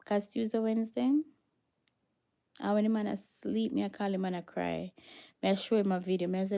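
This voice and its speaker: A woman's voice: mid-range voice, flat delivery, a little fast, creaky, long pauses, mellow. A Jamaican woman hosting a casual livestream, chatting with viewers and slipping into patois. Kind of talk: casual livestream chat, reading viewer comments.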